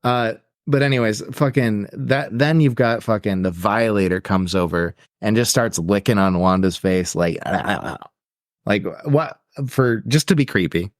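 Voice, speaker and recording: A low-pitched man rambles through a movie recap, tossing in quick acted-out quotes of the characters. His voice is close and dry, with no room sound. He talks in a loose, casual way. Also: dry recording. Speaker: podcast co-host.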